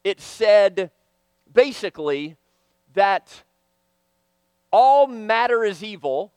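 A man preaching a sermon, swinging from loud emphatic lines to hushed, quiet ones. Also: sits high, clean tone, no echo.

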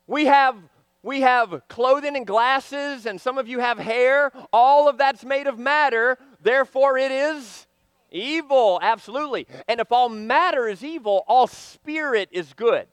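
A man preaching a sermon, swinging from loud emphatic lines to hushed, quiet ones. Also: very high voice, unhurried, clear, resonant tone, dry recording.

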